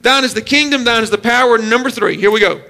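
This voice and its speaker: A man preaching a sermon as pastor, with emphatic delivery, numbered points and drawn-out stresses. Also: very high-pitched, gravelly, pushed and bright.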